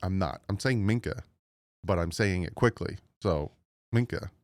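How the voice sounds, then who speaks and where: A man with a low voice and a New Jersey accent hosts his own sports channel, speaking at a normal pace with clean studio sound and no room sound. His casual commentary to viewers rambles, restarts often, and carries mild frustration.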